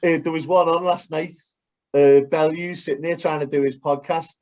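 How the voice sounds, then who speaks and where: A man's voice: on the high side, steady tone, moderate pace, darkish tone. Laddish man, dull lo-fi audio. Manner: rambling, laddish, says "mate" and "lad" a lot. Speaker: podcast co-host. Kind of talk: casual sports podcast chat.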